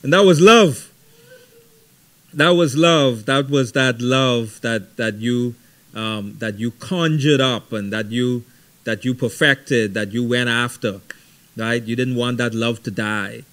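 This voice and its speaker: A middle-aged man leading a Bible study, teaching conversationally with lively stories and frequent "right?". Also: mid-range voice, slow pace. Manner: animated storytelling, frequent ums and repeated "right?".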